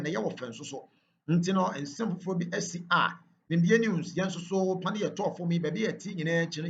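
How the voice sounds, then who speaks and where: A man's voice: a little high, a bit bright. A man introducing a news channel video, promotionally urging viewers to subscribe and comment. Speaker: channel presenter. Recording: dull, lo-fi and slightly noisy.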